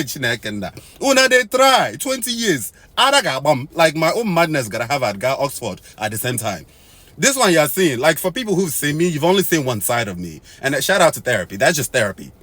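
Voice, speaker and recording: A man from Nigeria hosting a casual to-camera monologue, animated and swinging from loud exclamations to low muttered asides, mixing in Pidgin and Igbo phrases. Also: fast. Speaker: host.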